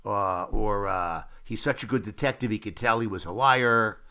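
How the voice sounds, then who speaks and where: Bright-voiced older man telling film stories. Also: lowish voice, moderate pace. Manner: anecdotal storytelling, with many fillers and acted-out quotes. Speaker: screenwriter. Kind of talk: film audio commentary.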